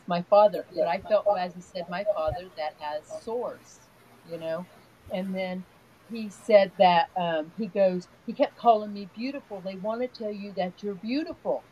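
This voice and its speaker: The sound is lo-fi with slight background noise as a medium-pitched older woman talks. An energy healer appearing as an interview guest, she rambles softly and earnestly, spinning long stories in a casual spiritual conversation.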